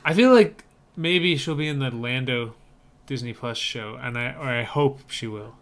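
Podcast co-host, male; bright, crisp voice; easygoing and opinionated. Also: medium pitch, normal speed. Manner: opinionated, easygoing, with frequent fillers. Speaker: podcast co-host reviewing movie trailers. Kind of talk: casual chat.

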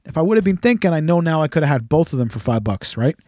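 High-voiced man telling a profane story. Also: very animated, quick pace, darkish tone, dry recording, clean studio sound. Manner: profane, rambling, jokey storyteller. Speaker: podcast host. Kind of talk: casual storytelling chat.

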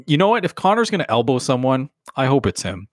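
A man co-hosting a casual sports chat podcast, blunt and excitable. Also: mid-range voice, fast, no room sound, studio quality. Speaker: podcast co-host.

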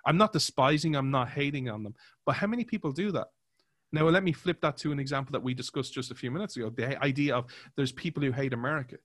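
A man's voice: medium pitch, quick pace, fairly bright tone, dry recording, clean studio sound. A man co-hosting a podcast, talking casually and animatedly, acting out quoted voices and using many fillers. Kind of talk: casual conversational commentary.

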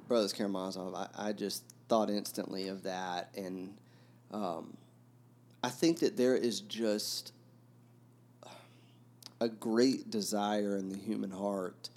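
A man hosting a podcast about a novel, talking reflectively and haltingly, with many fillers and restarts. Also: on the low side, a little mellow. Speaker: podcast host discussing a novel. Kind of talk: reflective casual talk.

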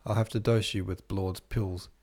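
A man's voice: deep voice, fairly even intonation, moderate pace, a little mellow. A man voicing a kindly young man who speaks in light, mock-formal banter. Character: wry, kindly young man, gently ironic.

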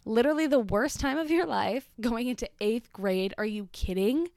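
A woman's voice: on the high side, moderate pace, darkish tone, no room sound, studio quality. A young adult woman hosting a casual solo podcast, telling a story in a chatty, self-deprecating way with frequent swearing and asides. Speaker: podcast host.

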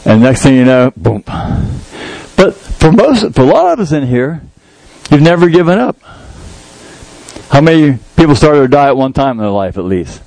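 Man, folksy lay preacher, self-mocking jokes, dark mellow voice, dry close sound. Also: medium pitch, sing-song, moderate pace, creaky, no echo, poor audio. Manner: folksy, jokey, laughs at himself, quotes scripture. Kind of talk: informal sermon with humor.

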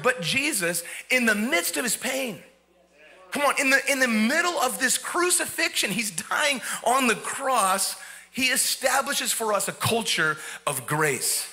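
A man's voice: extremely high pitch, lively intonation, normal speed, sharp tone. A male pastor preaching a sermon in an emphatic way, asking the crowd rhetorical questions and often repeating words.

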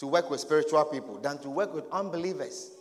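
A man preaching a lively sermon as pastor, laughing and shouting as he acts out people's words. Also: fairly high pitch, fast. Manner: animated, often laughing and shouting, acts out quoted voices. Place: church hall. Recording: echoey hall with crowd. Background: congregation.

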